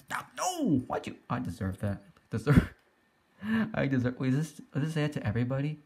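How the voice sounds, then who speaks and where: A young man giving excitable, giggly play-by-play commentary as he teases other players in an online game. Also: medium pitch, fairly quick. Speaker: gaming YouTuber. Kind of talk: casual Let's Play commentary.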